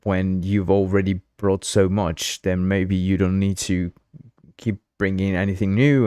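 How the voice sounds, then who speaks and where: A young man from Uruguay, hosting a game engine livestream in a rambling, excitable chat full of fillers. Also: lowish voice, no room sound, studio quality. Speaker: livestream host.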